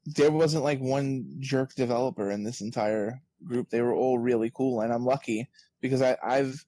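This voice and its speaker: A man's voice: mid-range voice, normal speed, no room sound. A man guest on a podcast, chatting casually as an author and acting out quoted exchanges with lots of energy. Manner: animated storyteller, acts out quoted exchanges.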